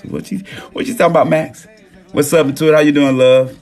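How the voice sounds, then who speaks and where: A man hosting a live stream from his phone, talking in a relaxed, reflective way with loose slang and pausing to read viewer comments. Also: on the high side, faint music behind. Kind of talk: casual live-stream talk. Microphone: phone mic.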